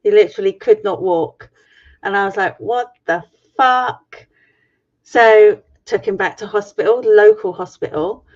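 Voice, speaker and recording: A woman's voice: mid-range voice, steady tone, moderate pace, darkish tone. A middle-aged woman on a video call, frankly and swearily retelling an ordeal in a personal story. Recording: muffled lo-fi stream audio.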